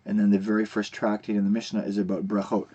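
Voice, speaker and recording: A man teaching a recorded video lesson, explaining terms in a relaxed way with frequent fillers and restarts. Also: on the low side, fast talker, highs cut off.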